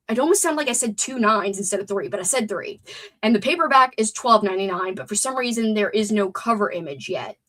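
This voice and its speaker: A woman's voice: mid-range voice, bright, forceful tone. A young adult woman with a stuffed-up nose, hosting a chatty, wordy livestream and reading out chat comments. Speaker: livestream host.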